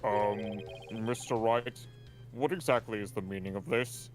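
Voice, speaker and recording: A man's voice: fairly low pitch, a little slow, lightly acted. A fussy, easily swayed old judge, as a man does the voice for a game playthrough. He speaks with dithering formality, and faint music sits under the voice. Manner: mild, dithering courtroom formality. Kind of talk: voiced game dialogue read-along.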